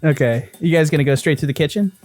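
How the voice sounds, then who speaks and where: A man narrating as dungeon master in a tabletop game podcast, casual and quick with profanity. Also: a little high, a little mellow, soft background music.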